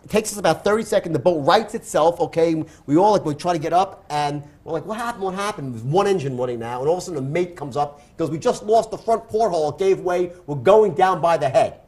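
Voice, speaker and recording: Animated storytelling man, New York accent. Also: fairly high pitch, fast, hardly any pauses. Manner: loud, laughing, acts out other voices. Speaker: interview guest.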